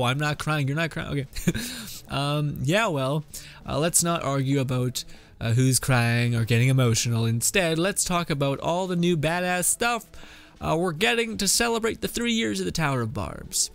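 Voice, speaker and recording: Gaming streamer, man, slightly high voice, wry and chatty, laughs between thoughts. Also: a little slow, fairly bright tone. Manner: chuckles often, wry and rambling. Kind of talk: casual commentary on a game update.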